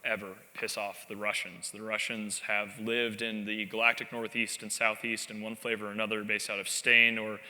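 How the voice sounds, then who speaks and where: Guy doing a conference talk, bright edgy voice, lots of uh's, big echoey convention hall. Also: fairly low pitch, completely flat delivery, normal speed, few pauses. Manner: conversational, frequent "uh" fillers, wry emphasis. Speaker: conference speaker. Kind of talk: live presentation to an audience. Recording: long hall reverb from a convention stage.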